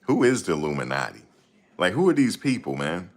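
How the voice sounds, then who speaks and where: A man's voice: extremely low pitch, sing-song, a little fast, vocal fry, long pauses, husky. A man hosting a casual stream, reading and answering chat comments in a rambling, slangy way. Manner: rambling, slangy, laughs a lot.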